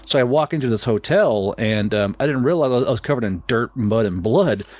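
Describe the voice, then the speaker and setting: A man's voice: mid-range voice, expressive, brisk. Rambling profane man telling a travel story. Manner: rambling, profane, stammering restarts, laughing. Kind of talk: casual storytelling chat.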